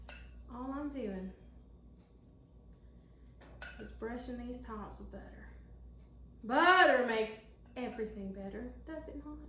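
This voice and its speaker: A woman's voice: a little high, fairly bright tone, reverberant, a little hiss or hum. A woman with a Southern American accent, chatting folksily to viewers in a casual cooking vlog from her home kitchen. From Tennessee. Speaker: home cook.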